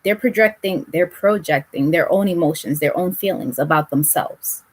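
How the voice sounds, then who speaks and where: A woman's voice: fairly low pitch, moderate pace, husky. A woman giving a casual spiritual reading to her viewers, blunt and direct, swearing freely as she hands out advice. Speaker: tarot reader.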